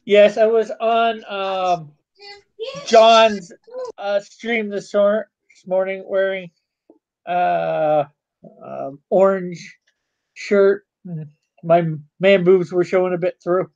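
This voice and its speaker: A man's voice: sits high, steady tone, slow, vocal fry, darkish tone, clean tone, lo-fi sound. A man hosting a live stream in casual chat, reading viewer comments aloud, rambling and stumbling over his words.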